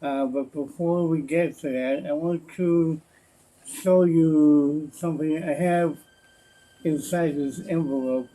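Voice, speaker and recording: A man performing as a mentalist, speaking in a measured, deliberate storytelling manner. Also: a little high, fairly even intonation, dark tone, low-quality recording. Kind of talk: magic performance patter.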